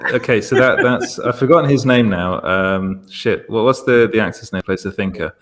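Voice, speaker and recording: A man's voice: on the low side, moderate pace, fairly bright tone. A man from England with an English accent, chatting casually on a panel and stumbling over restarts. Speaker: podcast panelist. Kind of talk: casual group chat.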